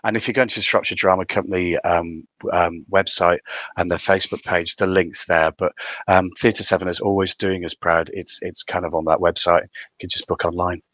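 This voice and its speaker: A man's voice: low voice, flat delivery, a little fast, fairly bright tone, dry recording. A man from North East England with a northern accent, a theatre guest talking casually on a podcast and often restarting his sentences. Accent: North East English.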